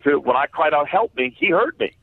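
A man giving an earnest personal testimony as a radio interview guest, halting at times and using many fillers. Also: on the high side, animated, creaky, slightly rough, no echo. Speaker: guest author. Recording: tinny phone line.

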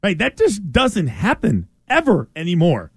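A man's voice: sits high, measured pace, slightly rough, no echo, studio quality. A man hosting sports talk radio, teasing and mimicking his co-hosts in casual banter. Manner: animated, teasing, mimics others.

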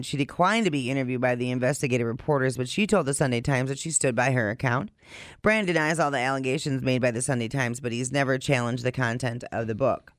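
A man with a smooth, clear voice sits close to a dry mic, reading news reports aloud. He breaks in with short, blunt comments of his own in a casual chat. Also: medium pitch, dry recording. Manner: reads reports then adds blunt asides. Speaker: podcast co-host.

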